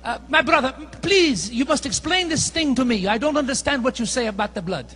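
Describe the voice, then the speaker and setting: A man's voice: very high voice, animated, fairly quick, sharp tone, long reverb tail, voice pushed down, exaggerated voice. A man preaching, putting on an Arabic-accented voice for an earnest middle-aged man pleading for an answer. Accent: put-on Arabic-accented English. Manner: pleading, repeating "my brother".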